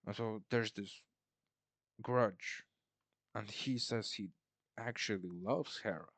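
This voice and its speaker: A man's voice: fairly low pitch, slow, fairly bright tone, no room sound. A man casually recapping a film in a rambling, sarcastic way, mocking the characters. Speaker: film reviewer.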